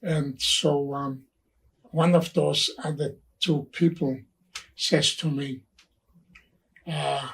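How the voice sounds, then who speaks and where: A man in his nineties giving personal testimony, halting and repeating words as he recalls events and quotes the people in them. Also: a little high, fairly even intonation, far from the mic, low-quality recording. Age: 90s. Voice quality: gravelly, husky older voice. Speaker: Holocaust survivor telling his story.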